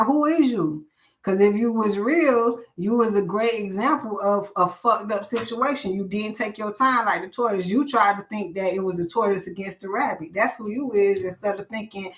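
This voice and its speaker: A woman's voice: mid-range voice, fairly bright tone. A woman hosting a live stream, ranting bluntly and preachily with lots of swearing.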